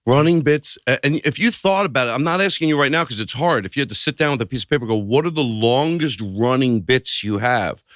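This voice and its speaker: Animated man acting out bits, dry sound. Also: medium pitch, quick pace, few pauses, dry recording. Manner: animated, acts out bits with sudden loud outbursts. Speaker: podcast guest. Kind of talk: casual chat.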